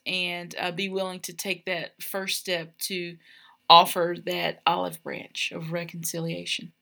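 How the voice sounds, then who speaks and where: A woman's voice: fairly low pitch, unhurried. A woman co-hosting a podcast with her husband, telling stories expressively and laughing easily. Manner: warm, laughing, expressive storyteller. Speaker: podcast co-host. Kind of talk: casual chat about marriage.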